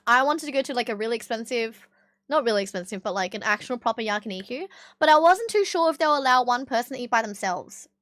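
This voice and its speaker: An Australian woman chats with her live-stream viewers in a casual, rambling way, with plenty of swearing and laughter. Her voice sits high, and the sound is dry and close with no room echo. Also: a bit bright. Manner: swears freely, chatty, laughs often.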